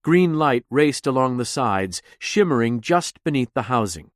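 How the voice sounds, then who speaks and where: A man narrating a science-fiction audiobook in a measured, deliberate voice. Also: mid-range voice, expressive, no room sound, studio quality. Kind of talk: scripted narration.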